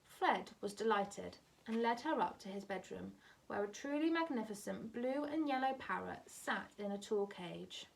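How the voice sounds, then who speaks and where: A woman teacher reading a novel aloud to her class in a steady, measured way. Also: mid-range voice, gravelly, distant mic, slight background noise.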